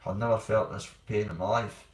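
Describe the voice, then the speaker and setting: A man's voice: on the low side, steady tone, brisk, a little hiss or hum. A Scottish man telling his own hard stories in a blunt, rambling way, swearing freely. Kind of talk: candid personal storytelling. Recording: roomy sound, distant from mic.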